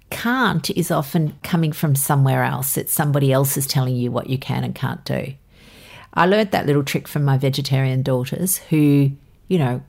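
Low-voiced gravelly woman co-host. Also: darkish tone. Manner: practical, assertive, playful asides. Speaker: podcast co-host. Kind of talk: casual conversational advice.

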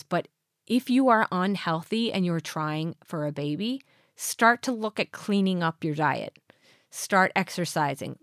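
Woman, podcast host, earnest motivational coaching, lowish voice, dry close sound. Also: dry recording. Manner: earnest, coaching, full of rhetorical questions.

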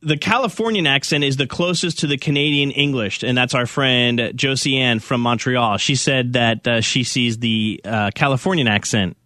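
Male radio host, chatty banter, bright forceful tone, dry close sound. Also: mid-range voice, moderate pace, few pauses, dry recording. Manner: laughing, chatty, reads listener texts aloud. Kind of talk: casual radio podcast banter.

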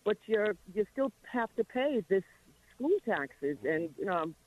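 A woman's voice: medium pitch, animated, measured pace, darkish tone. A woman calling in to a radio show, asking her question hesitantly, with fillers and restarts. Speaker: radio caller. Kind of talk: phone-in question. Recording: tinny phone line.

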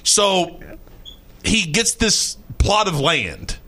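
Guy hosting a radio talk show, telling a wild story, bright voice, bouncy, mocking, keeps repeating himself. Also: sits high, drawn-out words. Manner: animated, conspiratorial, mocking. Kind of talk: casual storytelling chat.

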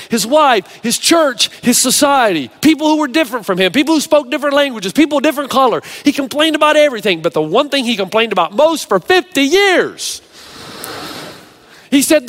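A man pastor preaching a sermon, telling stories with an animated, varied delivery. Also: very high-pitched.

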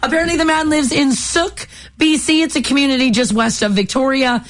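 A woman's voice: high voice, fairly even intonation, brisk. Lady cohosting, upbeat chatty radio talk, laughs a lot. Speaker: radio co-host. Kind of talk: casual radio chat.

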